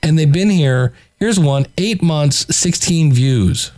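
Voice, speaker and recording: A man's voice: fairly high pitch, animated, takes it slowly, darkish tone. A man hosting, giving sardonic, exasperated commentary on clips he plays, often stammering as he restarts sentences. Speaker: host reviewing a podcast. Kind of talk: critical commentary over played clips.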